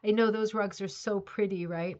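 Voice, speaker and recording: A woman's voice: mid-range voice, fairly even intonation, normal speed, darkish tone. Woman, middle-aged, casual livestream host, friendly rambling chat, slightly muffled sound. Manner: chatty, greets viewers by name, coos baby talk to her dog. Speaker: livestream host of a rug hooking club. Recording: slightly dull lo-fi livestream audio.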